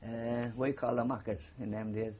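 Elderly Geordie man, husky mellow voice. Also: medium pitch, level tone, normal speed, dull audio. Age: older. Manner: rambling anecdotal storytelling with frequent fillers. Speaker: war veteran interviewee. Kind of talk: oral history interview.

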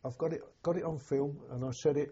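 An elderly man recalling his war years, halting and repeating words as emotion rises. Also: on the high side, steady tone, warm tone, husky. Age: older. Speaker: war veteran interviewee. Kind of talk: personal recollection. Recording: dull lo-fi recording.

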